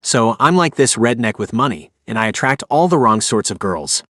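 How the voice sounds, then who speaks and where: A man's voice: mid-range voice, sing-song, moderate pace, fairly bright tone, dry recording, studio quality. A man voicing Zeke, a humble newly rich country man. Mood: earnest. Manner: plain-spoken, self-deprecating.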